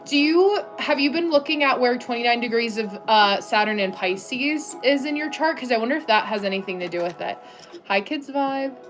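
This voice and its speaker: American lady chatting on her livestream, kinda high voice, faint music in the background. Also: moderate pace. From United States. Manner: chatty, friendly, reads chat names aloud. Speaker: livestream host. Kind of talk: casual livestream chat greeting viewers.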